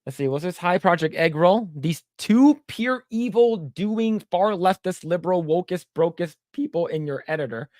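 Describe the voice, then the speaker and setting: A man in his thirties co-hosts a podcast, telling rambling stories, swearing, reading viewer comments aloud, and mimicking voices in quotes. His voice is high-pitched and expressive with a darkish tone, at a moderate pace with few pauses. The sound is clean studio quality with no room sound.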